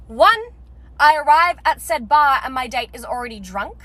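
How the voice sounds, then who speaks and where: A woman's voice: on the high side, lively intonation, a little fast, bright, forceful tone. A woman telling a gossipy, breathless dating storytime. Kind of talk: comedic storytime monologue.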